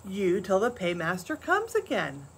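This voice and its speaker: Grandma voicing a cool, steady frontier father. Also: mid-range voice, unhurried, husky, exaggerated voice. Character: calm, firm frontier father facing a mob.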